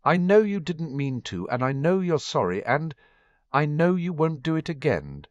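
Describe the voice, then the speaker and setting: An earnest, bookish teenage girl speaks in quick rushes, her voice lifted well above a low male range, as a man voices her in an audiobook. The sound is dry and dull. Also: big pitch swings, no echo. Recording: dull, muffled dry recording.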